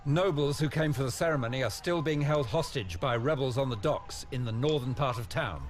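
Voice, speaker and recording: An actor playing a sneering noble cousin who speaks in a mocking, sarcastic way. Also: male voice, medium pitch, lively intonation, a little fast, lightly acted. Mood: smug.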